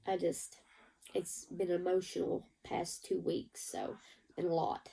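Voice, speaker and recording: Gravelly woman, emotional update. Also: lowish voice, level tone, measured pace, mellow, far from the mic, low-quality recording. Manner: emotional, rambling, teary at times. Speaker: vlogger. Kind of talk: casual personal update.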